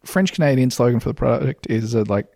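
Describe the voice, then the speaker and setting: A man's voice: mid-range voice, expressive, quick pace, vocal fry, dark tone, dry recording, clean studio sound. A man co-hosting a casual comedic podcast, telling the story dryly and sardonically. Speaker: podcast co-host.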